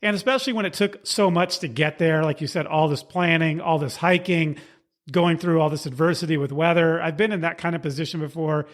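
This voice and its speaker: A man hosts a hiking podcast and gives his guest easy, affirming replies. His voice sits a little above the usual male pitch, and he laughs often. His questions are relaxed and conversational. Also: brisk. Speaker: podcast host. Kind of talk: conversational interview.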